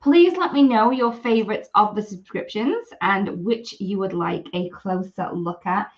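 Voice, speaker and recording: A woman's voice: mid-range voice, unhurried, highs cut off. A woman demonstrating craft products on a live stream, chatty and apologetic as she works. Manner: chatty, apologetic, talks while working.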